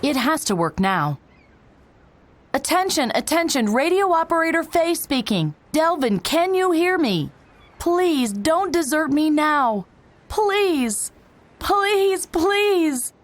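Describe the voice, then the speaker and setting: A determined radio operator in a video game, her voice somewhat high and moving a lot in pitch. She speaks slowly and urgently, with a pleading edge. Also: big pitch swings, no echo, heavily acted.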